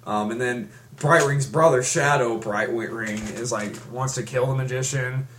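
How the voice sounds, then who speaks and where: A man's voice: medium pitch, unhurried, a bit bright, a little hiss or hum. A young man in casual chat, rambling through a story with many restarts and fillers. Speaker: fan recapping a comic.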